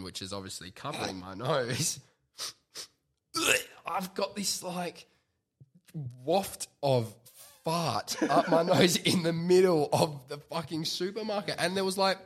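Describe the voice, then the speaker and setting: An Australian man co-hosting a podcast, telling stories in casual chat, acting out quotes loudly and laughing often. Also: medium pitch, a little slow. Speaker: podcast co-host.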